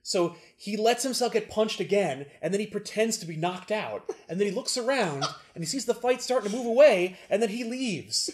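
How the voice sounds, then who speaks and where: A man's voice: high-pitched, moderate pace, few pauses. A man co-hosting a casual podcast, animatedly retelling a comic and acting out the characters. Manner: animated storyteller who acts out characters. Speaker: podcast co-host recapping a comic. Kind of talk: casual chat.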